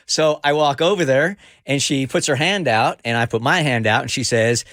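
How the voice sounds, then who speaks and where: A man's voice: mid-range voice, normal speed, no echo. A middle-aged man on a radio show, telling a story in a mid-range voice and drawing it out for effect. The studio sound is close and dry, with no room around him. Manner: animated storyteller, playful, building suspense. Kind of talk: casual morning show storytelling. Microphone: studio mic.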